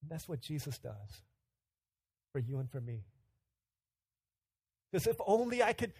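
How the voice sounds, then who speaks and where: A man in his thirties preaches a sermon in a conversational, storytelling way. His voice sits a little high. He rises to loud, urgent bursts and then drops to hushed quiet. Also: big pitch swings, measured pace, slightly rough, dry recording. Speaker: pastor.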